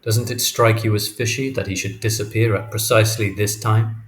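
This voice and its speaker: A man's voice: lowish voice, steady tone, normal speed, natural voice. A man reading a weary, guarded father, terse and wryly polite. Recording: echoey room, faint noise.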